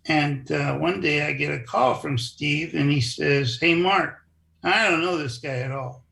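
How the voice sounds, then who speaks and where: A man telling stories in a casual interview, animated and acting out other people's lines. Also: a little high, measured pace, creaky. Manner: animated storyteller who acts out quoted voices. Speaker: interview guest, former wrestler.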